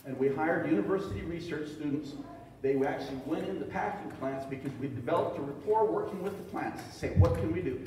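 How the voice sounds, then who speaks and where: A man's voice: a little high, fairly quick, warm tone, a little hiss or hum. A man giving a folksy, joking presentation to a live audience, with acted-out quotes. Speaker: presenter at extension talk. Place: large echoey meeting hall. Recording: echoey hall recorded from far off.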